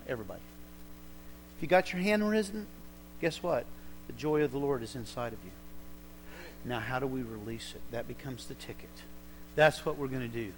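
A man's voice: mid-range voice, a little hiss or hum, rough recording. A male pastor preaching a sermon in a church service, fervent and exhorting.

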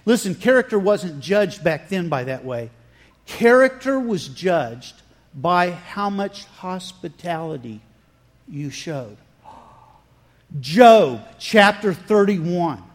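A man's voice: high-pitched, sing-song, slow. A man preaching a sermon, retelling scripture dramatically and acting out the dialogue with rising and falling emphasis. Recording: long hall reverb.

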